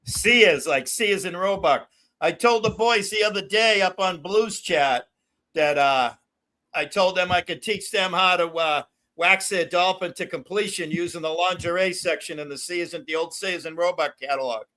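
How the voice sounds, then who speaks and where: A man's voice: high voice, moderate pace, bright, forceful tone. An older man hosting a casual stream chat over a video call, rambling through stories and laughing at his own jokes. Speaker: stream host.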